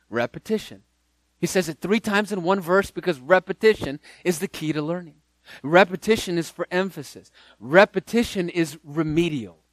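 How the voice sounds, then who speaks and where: A man preaching a verse-by-verse sermon, emphatic and repeating key phrases for stress, with lively swings in loudness. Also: fairly high pitch, no echo.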